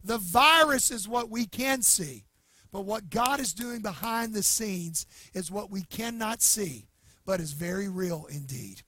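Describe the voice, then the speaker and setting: A man pastor preaching a sermon with emphasis, swinging between loud bursts and hushed, slow lines. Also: high voice, expressive, slightly rough, dry recording.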